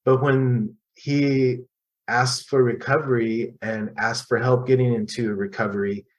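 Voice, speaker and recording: A middle-aged man telling his personal recovery story at a support group meeting, halting and candid, with frequent restarts and pauses. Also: mid-range voice, steady tone, lo-fi sound.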